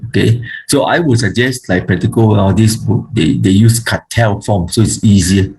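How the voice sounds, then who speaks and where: A man teaching a grammar lesson, speaking haltingly with frequent fillers and restarts, and slowly reciting word forms one by one. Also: on the low side, gravelly, a little mellow, rough recording. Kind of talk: online Hebrew grammar lesson.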